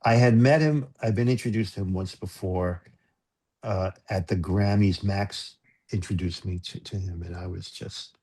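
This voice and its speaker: A man speaking as a guest musician in a casual interview, telling a story in a halting, self-interrupting way and getting choked up. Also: sits low, mellow, breathy edge. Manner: halting, self-interrupting, emotional when recalling.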